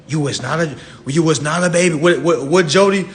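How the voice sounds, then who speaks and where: A financial self-help lecturer livestreams from home in a streetwise, profane style, laughing at his own jokes and slipping into mock voices. His voice is fairly high and a little fast.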